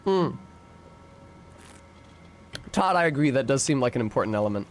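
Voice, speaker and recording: A man's voice: mid-range voice, lively intonation, moderate pace. A young American man streaming a game, chatting casually and swearing often while he answers his chat and rambles between fights. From United States.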